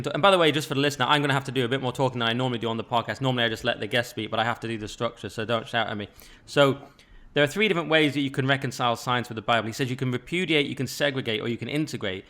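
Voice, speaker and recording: A man hosting a podcast, talking casually and rambling a little with quick asides and restarts. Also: mid-range voice, a bit bright. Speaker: podcast host.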